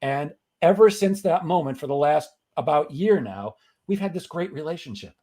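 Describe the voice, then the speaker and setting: A man's voice: a little high, lively intonation, moderate pace, dark tone. A middle-aged man guesting on a talk show, telling a personal story in an earnest way that builds to emphatic motivational advice. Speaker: guest, sales coach.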